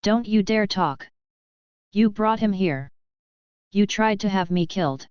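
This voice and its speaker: A woman's voice: medium pitch, a little slow, clean tone, no echo, lightly acted. A woman voicing a fiery female Imperial official in a storybook reading, speaking sharply and angrily. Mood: furious. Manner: sharp and angry. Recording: slightly dull, dry sound.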